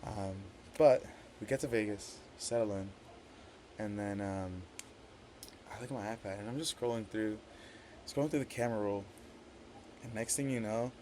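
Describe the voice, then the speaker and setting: A man's voice: on the low side, normal speed, pauses often, a little mellow, slight background noise. Rambling young man giving a toast. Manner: rambling, many fillers and restarts. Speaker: brother of the bride giving a toast. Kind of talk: practice wedding toast.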